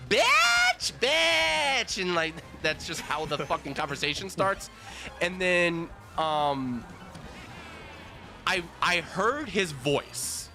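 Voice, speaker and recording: A man streaming with viewers, telling a casual, animated story with plenty of swearing and restarts. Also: a little high, slow pace, faint music behind. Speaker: streamer host. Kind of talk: casual storytelling while gaming.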